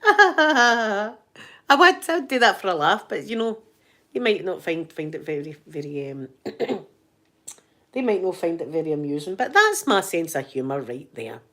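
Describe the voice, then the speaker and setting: A woman's voice: lowish voice, big pitch swings, a little slow, sharp tone. A Scottish woman hosting an ASMR channel, chatting casually with live viewers in a giggly, joking, rambling way.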